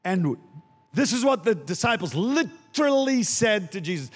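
Animated older male preacher, big hall echo. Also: high voice, normal speed. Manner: animated, acts out voices, shouts for emphasis. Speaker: pastor. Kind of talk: sermon.

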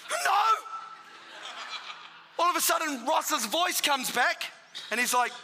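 A man in his thirties preaching and telling his testimony, excitable and bursting into shouts for emphasis. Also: extremely high pitch, moderate pace, noisy background. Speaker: guest preacher giving testimony. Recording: reverberant hall with live audience.

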